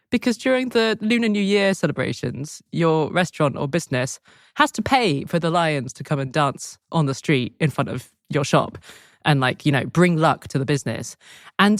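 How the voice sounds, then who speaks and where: Wry woman co-host, lively intonation. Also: on the low side, dry recording, studio quality. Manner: wry, joking, lively storytelling. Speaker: podcast co-host. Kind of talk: casual news podcast chat.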